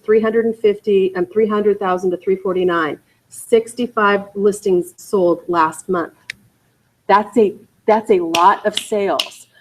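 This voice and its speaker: A woman leading a real estate training class, emphatic and energetic, often checking in with "okay" and "you guys". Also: medium pitch, rough recording. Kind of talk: training lecture to agents. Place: training room.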